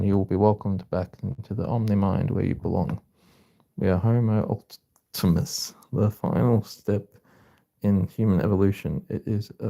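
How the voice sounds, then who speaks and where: A man reading aloud as a stern male officer from a far-future race of humans, in a formal, measured way. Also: on the low side, gravelly, dark tone.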